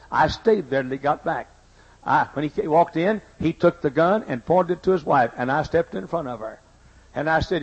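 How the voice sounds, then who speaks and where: An older man preaches, his voice husky and a touch high. He drives his points home by repeating them and mixes in folksy stories. The recording is dull and lo-fi, like an old church tape. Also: expressive, moderate pace. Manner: emphatic preaching, repeats key lines, folksy asides. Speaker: pastor. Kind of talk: sermon with personal stories. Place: church sanctuary.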